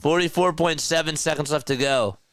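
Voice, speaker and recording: Young man, South Jersey accent, chatty play-by-play caller, slightly high voice, dry close sound. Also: moderate pace, fairly bright tone, smooth, dry recording. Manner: chatty, laughs at his own asides. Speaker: play-by-play commentator. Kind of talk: live play-by-play commentary.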